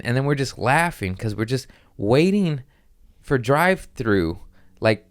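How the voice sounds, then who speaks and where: A man's voice: mid-range voice, measured pace, no echo, studio quality. A man hosting a podcast, telling rambling stories in a casual chat and acting out what people said. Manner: rambling, animated storytelling with voiced quotes. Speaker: podcast host.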